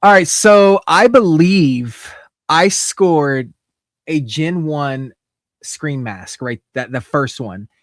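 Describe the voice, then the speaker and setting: A man's voice: fairly high pitch, lively intonation, slow pace, no echo, clean studio sound. A man in casual chat, talking through his collection in a rambling way with many fillers and restarts. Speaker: guest showing his mask collection.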